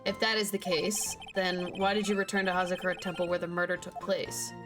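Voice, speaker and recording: A woman voicing a formal, stern male prosecutor in a measured tone. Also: lowish voice, flat delivery, natural voice. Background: game music.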